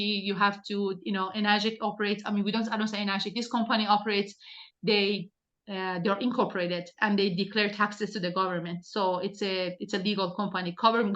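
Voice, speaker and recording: Insistent bright-voiced woman coaching on a call. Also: mid-range voice, dull audio. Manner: direct and insistent, many restarts. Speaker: team leader coaching sales recruiters. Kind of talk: coaching on a group video call. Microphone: video call.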